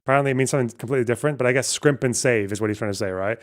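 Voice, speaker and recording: Man, livestream host, sardonic, swears a lot, casual commentary, average pitch. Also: very fast.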